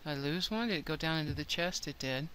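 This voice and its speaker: A woman's voice: deep voice, fast talker, background noise. An older woman hosting a game video, thinking aloud in a chatty, self-deprecating way as she plays. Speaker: let's play host. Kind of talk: gameplay commentary.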